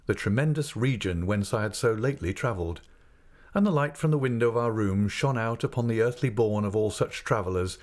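A man reads a classic novel aloud, his low-leaning voice measured and expressive as he tells the story. He's an audiobook narrator delivering scripted narration.

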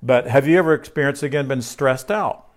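A man's voice: medium pitch, fairly quick. Guy preaching a sermon, talks like a conversation, keeps asking the crowd stuff and repeating himself. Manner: conversational, asks the congregation questions and repeats key phrases. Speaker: pastor.

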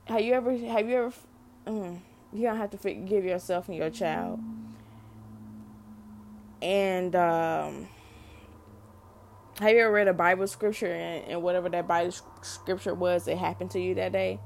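Gravelly-voiced woman giving heartfelt testimony. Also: lowish voice, steady tone, normal speed, long pauses, a little hiss or hum. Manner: earnest, repeats and restarts phrases, addresses listeners directly. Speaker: mother sharing a faith message. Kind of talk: unscripted spoken testimony.

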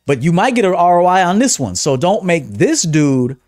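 A man hosting a livestream as a dating coach, talking bluntly, swinging from low muttered asides to loud emphatic bursts. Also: very animated, moderate pace, no echo, studio quality. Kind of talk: casual livestream monologue.

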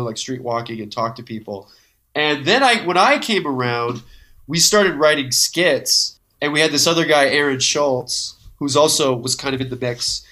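A man from Modesto, California, telling animated, profane comedy stories as a podcast guest. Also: mid-range voice. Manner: animated, swears freely, acts out quotes. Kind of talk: casual storytelling chat.

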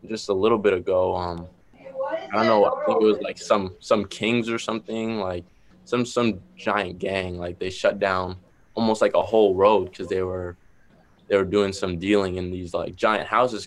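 A young man with a Boston accent, a musician talking casually in an interview, relaxed, with lots of "like" fillers. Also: deep voice. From Massachusetts. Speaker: musician guest.

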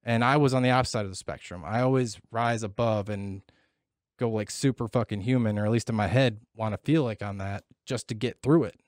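A man's voice: on the low side, brisk, no echo, clean studio sound. A middle-aged man talking candidly and with a lot of swearing in a casual podcast chat, reflecting on parenting and loss.

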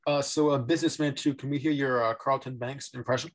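Husky-voiced guy on a comedy podcast, deadpan, kinda hesitant. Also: medium pitch, fast talker. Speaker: podcast co-host.

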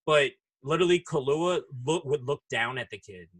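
A man's voice: a little high, normal speed, fairly bright tone. A man in casual chat, telling profane stories and acting out voices, speaking through headphones. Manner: profane storyteller who acts out voices.

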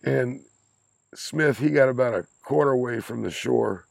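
A man's voice: mid-range voice, measured pace, gravelly, dry recording. A man in his sixties on a podcast, telling rambling anecdotes in a casual chat, laughing often and swearing freely. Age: 60s. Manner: rambling anecdotes, frequent laughter, crude language. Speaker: podcast guest, father of the host.

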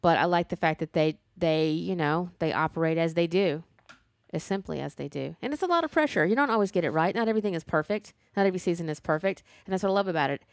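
Chatty low-voiced woman, dry sound. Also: dry recording. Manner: animated, chatty, quick asides and playful sass. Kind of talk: casual chat reviewing a TV show.

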